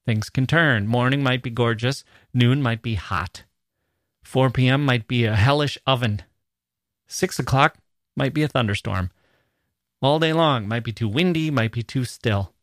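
A man's voice: mid-range voice, no echo, clean studio sound. A man hosting a literature podcast, giving a playful, enthusiastic lecture and reading verse lines aloud with their rhythm. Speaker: podcast host.

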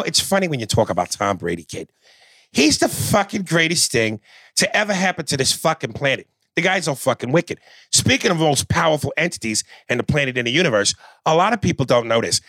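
Dude doing a loud boston guy, higher voice, swears a ton, brags nonstop, dry close sound. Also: sing-song, fairly quick, no echo, heavily acted. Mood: boastful. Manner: boastful, swearing, rambling. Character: brash foul-mouthed Boston guy, adult man.

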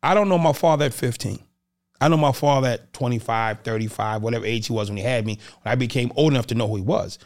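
Talking fast at a medium pitch, this Boston-area podcast guest tells stories in casual conversation, animatedly acting out other people's quotes.

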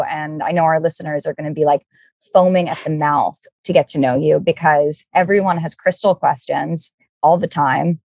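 A woman's voice: fairly low pitch, a little mellow, no room sound. A woman hosting a podcast, talking in a bubbly, gushing way, laughing often and swearing casually. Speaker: podcast host.

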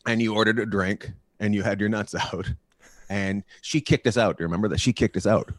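A man's voice: lowish voice, steady tone, a little fast, no room sound. A male guest comedian telling a road story in casual chat, profane and laughing as he goes.

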